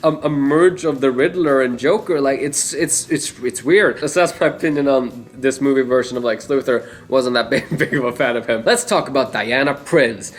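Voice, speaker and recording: A man's voice: mid-range voice, normal speed, hardly any pauses. A young man giving a casual, rambling movie opinion, laughing often and swearing. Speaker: movie reviewer.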